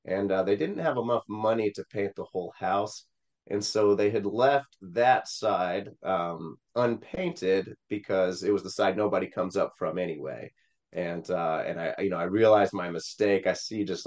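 A man's voice: sits low, darkish tone. A man from Missouri, a political candidate, telling a personal story in an interview in an earnest, rambling way. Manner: earnest, many fillers and restarts.

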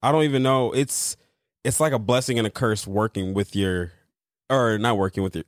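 A young man co-hosting a casual chat with his wife, relaxed and agreeable, often putting in "yeah" and "mm-hmm". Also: fairly low pitch, moderate pace, no room sound, studio quality. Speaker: co-host, married creator couple.

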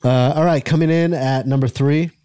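Podcast co-host, man, warm dark tone, dry close mic, easygoing chatter. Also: on the high side, steady tone, moderate pace, clear, resonant tone, no room sound. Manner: laid-back, frequent agreeing and laughing. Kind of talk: casual chat.

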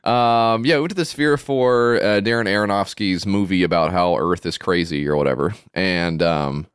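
A man's voice: deep voice, moderate pace, clear, resonant tone, no echo, studio quality. A man co-hosting a comedy podcast, telling a rambling, profane story and laughing through it. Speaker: podcast co-host.

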